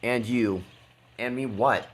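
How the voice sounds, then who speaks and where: A man's voice: mid-range voice, takes it slowly. A man giving casual, blunt commentary over a gameplay replay, mocking and laughing at his opponent. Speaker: gaming video creator.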